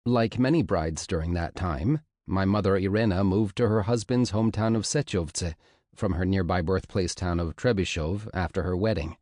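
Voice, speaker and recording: A man narrating a first-person memoir audiobook in a measured, scripted storytelling manner. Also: deep voice, a little mellow, no room sound, clean studio sound.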